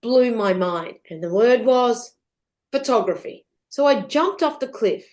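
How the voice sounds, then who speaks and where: Middle-aged female guest, lively rambling storyteller, slightly high voice, casual swearing. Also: measured pace. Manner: animated, rambling, with frequent restarts and swearing. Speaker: podcast guest. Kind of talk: candid storytelling interview.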